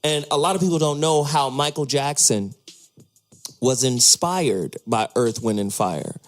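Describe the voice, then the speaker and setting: A man's voice: medium pitch, unhurried, faint music behind. A man hosting a casual talk radio show, emphatic and playful, with frequent swearing.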